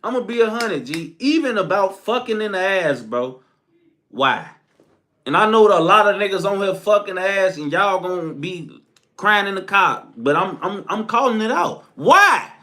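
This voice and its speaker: Very high-voiced ranting young man. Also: normal speed. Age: young adult. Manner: animated, crude, laughing. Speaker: commentator. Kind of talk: profane solo commentary rant.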